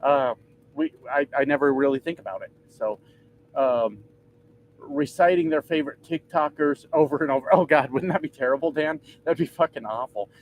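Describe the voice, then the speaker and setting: The audio is poor with slight background noise as a man talks at a moderate pace and medium pitch from his truck cab. He drives while chatting loosely with livestream viewers, reading comments, joking, and swearing.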